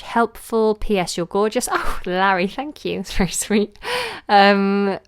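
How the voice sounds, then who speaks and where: A woman, a singing teacher answering viewer questions in a relaxed, chatty way on a live stream. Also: medium pitch, slow, background noise. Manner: relaxed, chatty, demonstrates sounds with her voice.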